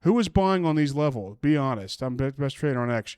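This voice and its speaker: A man's voice: mid-range voice, animated, fairly quick, darkish tone, clean tone, no echo, clean studio sound. A man ranting mockingly about online posts, crude and angry, often restarting his sentences. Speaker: streamer reacting to posts. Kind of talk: profane casual rant.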